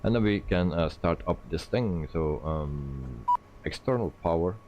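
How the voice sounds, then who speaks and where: Man, very low voice, faint background hum, casual stream talk, many fillers. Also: lo-fi sound. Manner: relaxed, thinking aloud with many "uh" pauses. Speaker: flight sim streamer. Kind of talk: live-stream commentary.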